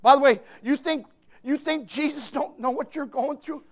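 A man preaching a sermon without notes, swinging from loud shouted declarations to soft, hushed reassurance, with lots of repetition and emphasis. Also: very high-pitched, normal speed. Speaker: pastor. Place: church.

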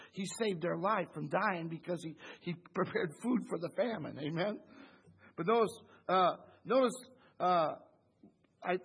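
A man's voice: sits high, a bit bright, husky. A man preaching a Bible study sermon who keeps asking the congregation "Amen?" and chuckles between phrases.

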